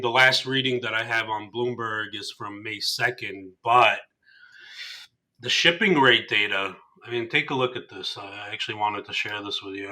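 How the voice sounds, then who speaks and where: A man's voice: on the low side, bright, forceful tone. A man co-hosting a trading show, explaining market data in a hedging, conversational way. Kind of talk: casual market chat.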